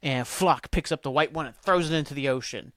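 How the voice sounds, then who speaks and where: A man's voice: on the high side, brisk, fairly bright tone, no room sound, clean studio sound. Rambling, foul-mouthed man hosting a podcast. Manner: rambling and profane, heavy on "like" and "um". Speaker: podcast host. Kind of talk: casual solo podcast recap.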